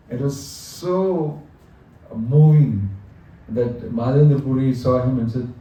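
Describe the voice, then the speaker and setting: A man giving a devotional lecture, telling stories slowly and with emphasis. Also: mid-range voice, warm tone. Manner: slow, emphatic storytelling with quoted dialogue. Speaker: spiritual teacher. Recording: echoey hall, distant mic, faint ambience.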